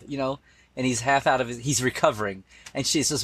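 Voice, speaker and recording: Husky guy gushing about old scenes, quotes lines, trips over himself a bit. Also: medium pitch, normal speed. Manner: enthusiastic storyteller, quoting lines and restarting sentences. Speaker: guest, Star Trek expert. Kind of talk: casual interview chat.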